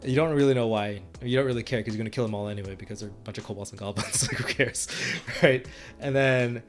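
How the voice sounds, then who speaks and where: A man's voice: medium pitch, fast, soft background music. A man co-hosting a podcast and retelling his tabletop game sessions as game master, rambling with frequent restarts and laughs. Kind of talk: casual chat.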